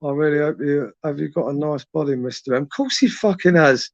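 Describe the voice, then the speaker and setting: A man's voice: a little high, fairly quick, gravelly, no echo, highs cut off. A young man hosting a late-night live chat stream, reading viewers' messages and bantering crudely in laddish slang. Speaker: livestream host reading chat.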